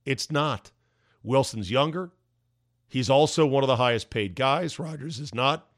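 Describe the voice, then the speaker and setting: A man hosting a podcast, delivering an emphatic, ranting opinion monologue with sarcastic asides, his voice going hoarse. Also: mid-range voice, unhurried, dry recording, studio quality. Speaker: podcast host.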